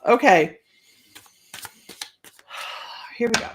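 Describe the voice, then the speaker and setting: A woman's voice: mid-range voice, lively intonation, moderate pace, vocal fry. A woman psychic medium giving casual live-stream readings, chatty and rambling, often breaking into laughter.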